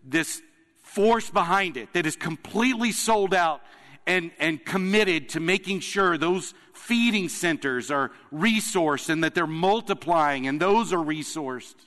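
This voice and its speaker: A man preaching from the pulpit, his slightly raised voice carrying through a big sanctuary with a long reverb tail. He speaks earnestly, leaning on pauses to drive each point home. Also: fairly high pitch, lively intonation, fairly bright tone. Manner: earnest storytelling with emphatic pauses. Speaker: pastor. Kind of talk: sermon. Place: church sanctuary. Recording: long reverb of a large hall.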